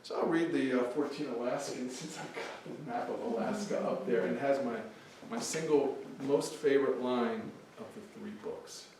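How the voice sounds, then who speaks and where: A male poet at a live reading, introducing his poems in a chatty, offhand way. His mid-pitched voice bounces around a very echoey hall and sounds distant from the mic, with faint background noise. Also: moderate pace, hardly any pauses, darkish tone.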